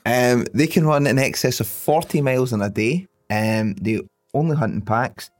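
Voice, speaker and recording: A man's voice: medium pitch, normal speed. A man in his thirties, co-hosting a podcast and telling jokey stories in casual chat over faint music. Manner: jokey storytelling, laughs at own puns. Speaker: podcast co-host.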